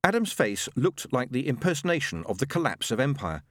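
A man narrating a novel as an audiobook with expressive, dramatic storytelling. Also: mid-range voice, brisk, no room sound, studio quality.

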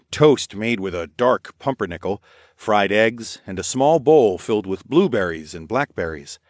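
A man narrating a story in the first person with steady, descriptive storytelling. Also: on the low side, no echo, studio quality. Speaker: audiobook narrator.

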